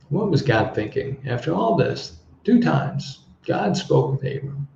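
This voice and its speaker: A middle-aged man teaches a language lesson at an unhurried pace, stopping to explain and translate each word. His voice is mellow and soft-edged. The recording is echoey and a little dull. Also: medium pitch, a little hiss or hum. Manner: slow, stops to explain words and translate them. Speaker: English teacher. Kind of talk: relaxed Bible-based language lesson. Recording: echoey room, slightly dull sound.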